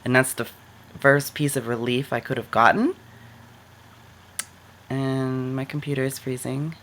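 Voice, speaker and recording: A woman's voice: extremely low pitch, flat delivery, a little slow, a bit bright, slight background noise. A woman vlogger giving casual advice into her computer camera, talking loosely with lots of "like" fillers. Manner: chatty, many "like" fillers.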